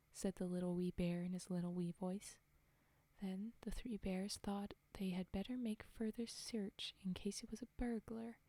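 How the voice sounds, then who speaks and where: A woman whispering a fairy tale slowly and softly as a storyteller, in a whispered role-play reading. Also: mid-range voice, no room sound. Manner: soft, slow, whispered reading. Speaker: storyteller and streamer.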